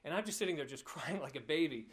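A pastor preaching a sermon, telling a personal story in an earnest, heartfelt way. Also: male voice, fairly high pitch, animated, quick pace.

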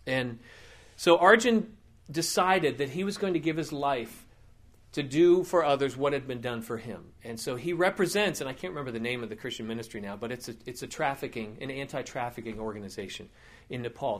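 A man's voice: mid-range voice, a little fast, a bit bright. A man preaching a sermon as a teaching elder, telling a story earnestly with many fillers and restarts. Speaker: pastor.

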